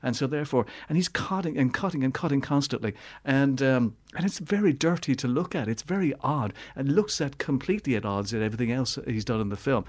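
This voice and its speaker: A man's voice: medium pitch, lively intonation, a little fast, few pauses, darkish tone. A man reviewing films in casual chat, rambling and hesitant with many fillers. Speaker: film reviewer.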